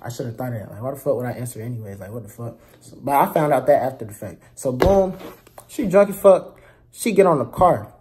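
A man's voice: mid-range voice, expressive, fast, hardly any pauses, darkish tone. A young man ranting through a story for his viewers, heated and slangy, with heavy profanity and frequent asides to the audience. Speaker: vlogger telling a story. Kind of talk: casual storytime rant.

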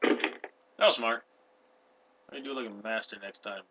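A young man commentating a co-op video game, excitable and joking, on a headset mic. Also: fairly low pitch, moderate pace, dull audio. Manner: excitable, yelps and jokes. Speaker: co-op gameplay commentator. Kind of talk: casual let's play chat. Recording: noisy game audio behind.

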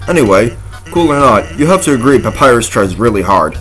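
Laid-back skeleton joker with a lively, wandering pitch, read by a man; offhand game dialogue. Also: a little fast, soft background music, poor audio. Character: lazy joking male skeleton. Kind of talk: reading game dialogue aloud.

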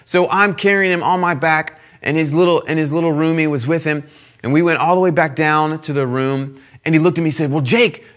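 A young man preaching to a youth gathering, telling stories with animated swings from loud to hushed. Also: on the high side, brisk. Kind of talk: sermon storytelling.

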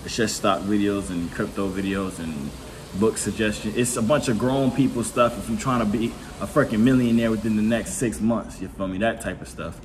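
A man's voice: lowish voice, steady tone, normal speed. A young man vlogging casually at home, playful and teasing, full of slang. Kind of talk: casual vlog chat. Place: home, indoors. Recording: echoey room, faint noise.

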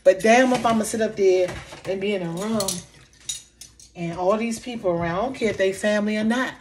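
A middle-aged woman, venting emotionally in a vlog, impassioned and repetitive, her voice sinking soft and low in the hurt parts. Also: a little fast. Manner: impassioned, repeating herself, voice dropping low and soft when recalling hurt. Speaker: vlogger. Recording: faint background noise.

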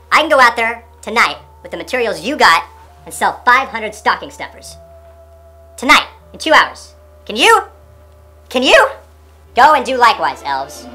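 A swaggering male sales boss who berates his elves, played by a woman in an amateur comedy sketch. The voice is bright and forceful and sits a little high. Faint music plays underneath. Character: brash abusive male sales boss from the North Pole. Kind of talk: amateur comedy parody acting.

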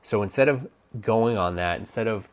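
A man's voice: fairly low pitch, moderate pace. A man coaching on dating, giving casual advice while thinking aloud, with many restarts and fillers. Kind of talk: casual instructional talk.

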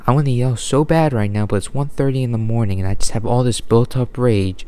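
Philly guy venting about his team late at night, smooth clear voice, keeps restarting his sentences. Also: mid-range voice, brisk, few pauses, mellow. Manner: frustrated, rambling, restarts often. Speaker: sports vlogger. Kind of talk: unscripted rant. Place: indoors at home late at night.

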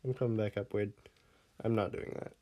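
A man's voice: lowish voice, steady tone, fairly quick, warm tone. A man casually commenting on his game as he plays, laughing often and scolding his pet dog in the game before fussing over him. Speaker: Minecraft let's player.

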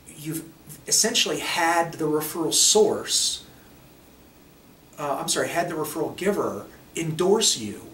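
A man's voice: a little high, a bit bright, slight background noise. A man giving a casual sales training talk, acting out sample phone calls as he explains them. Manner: conversational, acts out sample phone scripts. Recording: echoey room, mic at a distance.

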